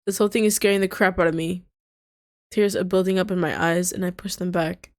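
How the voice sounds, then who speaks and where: A woman's voice: lowish voice, fairly even intonation, a little fast, no echo, clean studio sound. A young woman playing through a story game, reading the lines aloud and breaking off into shocked, swearing reactions. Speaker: gamer reading a visual novel aloud. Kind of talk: let's-play narration with reactions.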